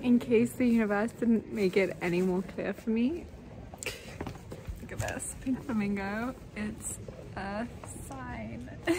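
A woman's voice: fairly high pitch, slow, crowd noise, low-quality recording. A young woman vlogging casually to her phone about her travels, effusive and spiritual, saying "like" a lot, from a city street and then a train. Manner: effusive, spiritual, heavy use of "like". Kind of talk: casual travel vlog to camera. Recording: loud street and train noise behind. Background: vehicle and street noise.

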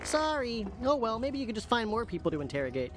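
A woman's voice: a little high, very animated, quick pace, music in the background. A woman voicing a chipper female assistant program that guides detective play. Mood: upbeat. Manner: upbeat, chipper, helpful.

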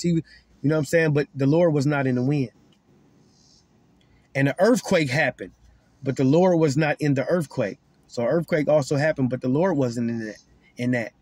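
A man with a fairly high, husky voice teaches scripture in a loose, heartfelt way. He circles back over his points, trips on and repeats words, and often sinks his voice down to something close to a whisper. The sound is close and dry, with no room around it. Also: a little mellow, no echo. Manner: earnest, repetitive, stumbles and repeats words. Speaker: online preacher. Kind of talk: informal Bible teaching to camera.

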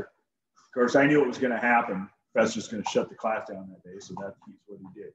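A man's voice: fairly low pitch, normal speed, echoey room, highs cut off. A man teaching a shop class in a folksy, joking way while demonstrating tools. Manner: folksy, joking, talks to students directly. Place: school workshop.

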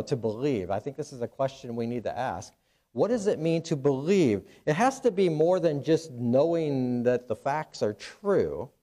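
A man's voice: mid-range voice, warm tone. A man pastor preaching a sermon, earnest, with frequent restarts and fillers.

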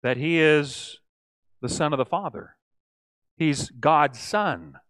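A man teaching a church Bible study in a lively, conversational way, often acting out quoted lines and checking in with the group. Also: a little high, slow pace, no room sound, clean studio sound. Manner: animated, acts out quoted lines, asks the group "right?".

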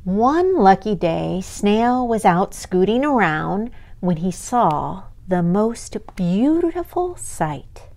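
A woman reading a picture book aloud to young children as a librarian, expressive and pausing to ask the listeners questions. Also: medium pitch.

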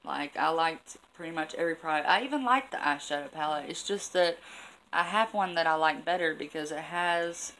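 A woman's voice: low voice, moderate pace, fairly bright tone, slight background noise, poor audio. A young adult woman vlogger chatting casually through a beauty product review, rambling with asides.

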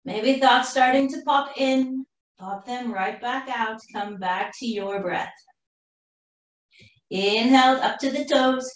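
A woman leads a yoga class in a slow, unhurried voice, a little high, breathless from moving through the poses with her students. She sounds well away from the microphone, and the studio rings with a strong echo. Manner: calm breathy cueing while flowing through poses herself. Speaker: yoga instructor. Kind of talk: live yoga class cueing. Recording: roomy echo from far off the mic.

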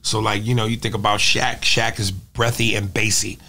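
A man's voice: fairly low pitch, normal speed. A male comedian and impressionist telling stories in a casual interview. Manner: animated storyteller who drops into impressions.

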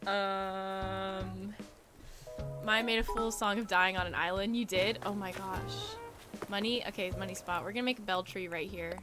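A woman live-streaming a game, chatting to herself in a giggly, excitable way. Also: mid-range voice, normal speed. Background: game music.

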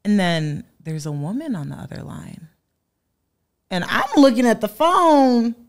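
A woman in casual chat telling a story in lively detail, acting out the people in it and swearing freely. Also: medium pitch, measured pace. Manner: animated, acts out quoted voices, swears freely. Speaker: guest.

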